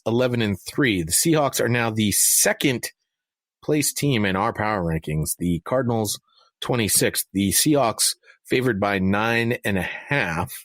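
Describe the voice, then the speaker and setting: A man co-hosts a casual sports podcast with an animated, swinging delivery. He jokes and rants in mock anger. His voice sits dry and close to the mic. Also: medium pitch, no echo. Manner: lively, joking, mock-angry rants. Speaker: podcast co-host.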